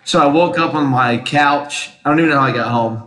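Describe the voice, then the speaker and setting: A man in relaxed podcast chat, with a bright voice and hesitant ums. He swears casually. The room around him gives a noticeable echo. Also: mid-range voice, a little fast. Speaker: podcast co-host. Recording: roomy echo.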